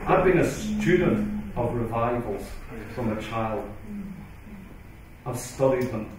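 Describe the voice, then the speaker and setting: A man's voice: medium pitch, animated, takes it slowly, a little hiss or hum. A middle-aged man preaching a conference sermon with emphatic, intense urgency in a large church hall. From Ireland. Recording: echoey hall recording from far off.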